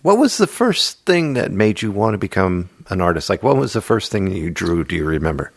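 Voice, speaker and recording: A man's voice: deep voice, big pitch swings, fairly quick, vocal fry. A man co-hosting a casual podcast, teasing and playful in his banter. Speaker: podcast co-host.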